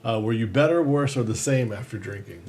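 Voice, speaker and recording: A man's voice: medium pitch, a little fast, a little mellow. A man co-hosting a casual chat who reads out viewer comments and tells stories, often chuckling. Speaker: co-host reading chat.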